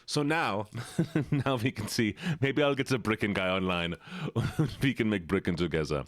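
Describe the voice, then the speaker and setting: A man's voice: lowish voice, moderate pace, dry recording, studio quality. A man streaming live, chatting casually and teasingly with his viewers. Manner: playful, teasing, talks straight to chat.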